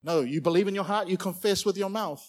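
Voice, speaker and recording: A man preaching a sermon, animated and playful, acting out little characters as he goes. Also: high voice, fairly quick. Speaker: pastor.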